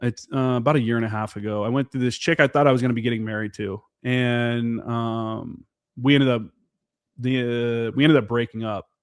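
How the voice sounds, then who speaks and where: A man's voice: mid-range voice, steady tone, moderate pace, clean tone, no echo, studio quality. A man who served as a Marine forward observer, talking candidly as a podcast guest and swearing freely. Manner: candid, profane, peppered with "dude" and "man". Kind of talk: casual podcast chat.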